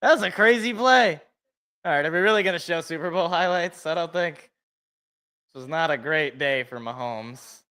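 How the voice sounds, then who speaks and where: A man's voice: fairly high pitch, normal speed, pushed and bright, clean tone. A young man hosting a live reaction stream, chatting casually and thinking aloud as he reacts, chuckling to himself now and then.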